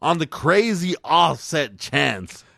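A man's voice: a little high, very animated, slow pace, vocal fry, bright, forceful tone, no room sound, studio quality. A man co-hosting a casual sports podcast, upbeat and leading each segment. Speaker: podcast co-host.

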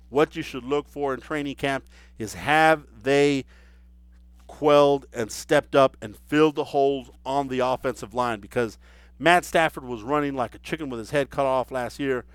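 A man giving casual solo football commentary, animated and incredulous, with mocking asides. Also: mid-range voice, clear, resonant tone, dry recording. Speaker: sports commentator.

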